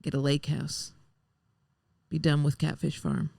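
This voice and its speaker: A woman's voice: low-pitched, very animated, unhurried, vocal fry, a little mellow, no room sound, studio quality. A woman guest on a casual podcast, telling crude family stories bluntly and often breaking into laughter. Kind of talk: casual storytelling chat.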